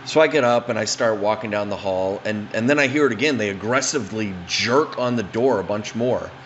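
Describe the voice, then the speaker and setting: A man's voice: fairly low pitch, fairly quick, lo-fi sound, a little hiss or hum. A man telling a funny anecdote in a rambling, profane, casual way. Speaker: storyteller.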